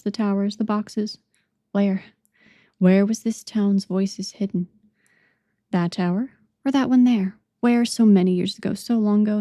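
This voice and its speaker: Woman, audiobook narrator, measured dramatic reading, mellow tone, dry close sound. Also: mid-range voice, no echo.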